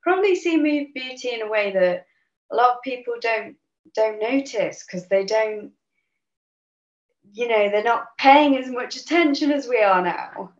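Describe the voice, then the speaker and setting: A woman from New Zealand, a podcast guest, telling stories in a lively way and laughing often. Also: on the high side, a little slow. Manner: animated storyteller, laughs often. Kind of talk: casual chat. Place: home. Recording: roomy, dull remote audio.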